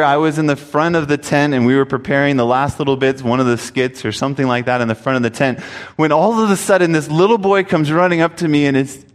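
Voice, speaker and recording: Guy pastor telling a story in his sermon, kinda high voice, big echoey church. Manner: earnest storytelling, reads scripture aloud. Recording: long hall reverb.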